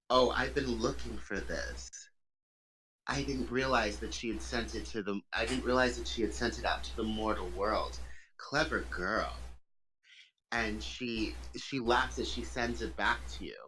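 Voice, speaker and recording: A man narrating a tabletop game as game master, slowly and haltingly, with many pauses and fillers. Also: lowish voice, sharp tone, a little hiss or hum, rough recording.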